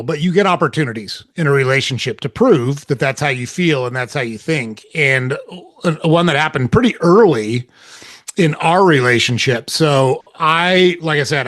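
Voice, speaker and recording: A man's voice: fairly high pitch, a bit bright, no echo, studio quality. A middle-aged man telling a personal story in candid, casual chat as a podcast guest, swearing freely. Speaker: podcast guest, relationship coach.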